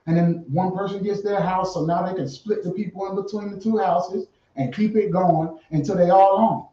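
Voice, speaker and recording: Man, mellow and fairly high, emphatic casual talker, dull lo-fi roomy mic. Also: normal speed. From Fayetteville, born in Savannah, Georgia. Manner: animated, emphatic, swears freely. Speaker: guest artist. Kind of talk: casual interview chat. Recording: roomy, distant, dull lo-fi sound.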